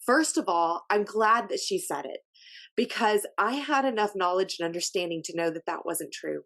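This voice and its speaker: A woman's voice: mid-range voice, normal speed, a bit bright. Middle-aged woman, casual guest, talks through fillers and restarts. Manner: chatty, many fillers and restarts. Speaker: podcast guest, health coach. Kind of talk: casual interview chat.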